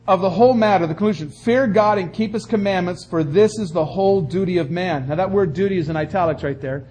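A man's voice: high-pitched, a little mellow. A man preaching a sermon, reading scripture aloud and commenting on it, emphatic, often putting rhetorical questions to the congregation. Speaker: pastor.

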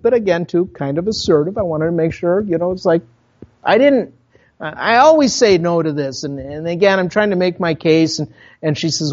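A pastor from Minnesota with a Minnesotan accent, preaching a sermon in a conversational storytelling way, full of asides to the congregation. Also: male voice, sits high, lively intonation, moderate pace, a little mellow, dull audio. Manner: conversational, with self-interrupting asides.

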